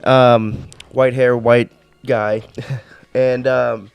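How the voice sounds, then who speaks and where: A man's voice: mid-range voice, little pitch movement, drawn-out words, creaky, clean tone, no echo. A man vlogger telling a work story in a rambling, exasperated rant full of swearing and restarts. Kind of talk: casual ranting storytime.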